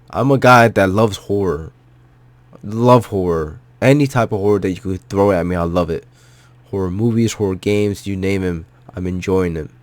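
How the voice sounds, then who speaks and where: A man's voice: lowish voice, no echo. A man giving an emotional, heartfelt movie reaction, choked up and near tears, repeating himself and swearing. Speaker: vlogger.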